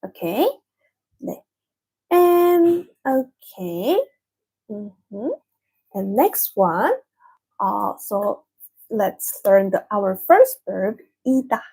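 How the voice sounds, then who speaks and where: A woman's voice: mid-range voice, big pitch swings, drawn-out words, pauses often, a little mellow, breathy edge, poor audio. A young woman with a Korean accent giving a language lesson in English, explaining patiently step by step with frequent "mm-hmm"s. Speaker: language teacher. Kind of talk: online lesson.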